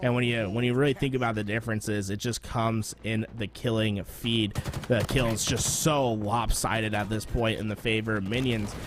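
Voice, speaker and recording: A man commentates a shooter tournament in an easy, talkative way, trading banter with his partner. Gunfire and clicks from the game crackle under his voice, and the line carries a steady hiss of noise. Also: on the low side, normal speed. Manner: relaxed, chatty banter with laughs. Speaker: esports color commentator. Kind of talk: live esports commentary. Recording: noisy broadcast with game gunfire behind.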